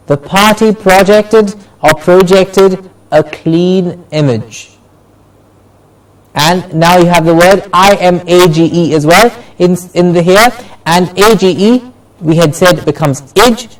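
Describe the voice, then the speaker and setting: A man with a high voice teaches pronunciation at an unhurried pace, drawing out each stressed syllable and repeating word pairs. He sits a little back from the microphone, so he sounds slightly distant. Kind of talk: slow, deliberate pronunciation lesson.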